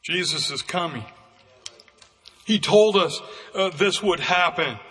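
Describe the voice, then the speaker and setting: A man preaching a fervent sermon as pastor, with bursts of raised, shouting emphasis. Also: high voice, lively intonation, slow pace, slightly rough, long reverb tail.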